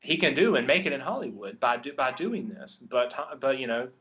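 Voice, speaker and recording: A man's voice: medium pitch, sing-song, brisk, a bit bright, highs cut off, slight background noise. A man hosting a film podcast, talking casually and eagerly about a movie he loves, with lots of ums and restarts. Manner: enthusiastic, rambling with many ums. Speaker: podcast host. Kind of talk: casual film review chat.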